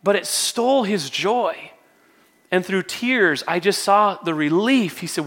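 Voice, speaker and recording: High-voiced man preaching a casual sermon. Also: measured pace, a bit bright. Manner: conversational storytelling with self-deprecating humor. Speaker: worship pastor. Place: in front of a church congregation.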